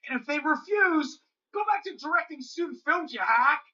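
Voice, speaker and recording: A man's voice: very high-pitched, animated, normal speed, sharp tone. A man bantering on a prank show in a joking, teasing way, in slightly muffled TV audio.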